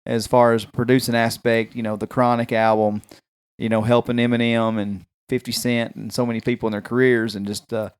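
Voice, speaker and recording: A man's voice: mid-range voice, brisk, smooth. A man, co-hosting a podcast and chatting casually, rambling through anecdotes. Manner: rambling, animated anecdotes with acted quotes. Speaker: podcast co-host. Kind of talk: casual chat, storytelling.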